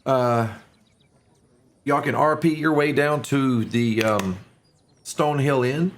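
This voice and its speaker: A man's voice: medium pitch, slow pace, slight background noise. A man narrating a tabletop game as game master, loose and self-mocking, with many fillers.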